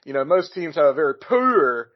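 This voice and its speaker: A man's voice: on the high side, sing-song, moderate pace. A man co-hosting a casual podcast chat, thinking aloud and restarting his sentences. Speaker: podcast co-host. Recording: dull lo-fi audio.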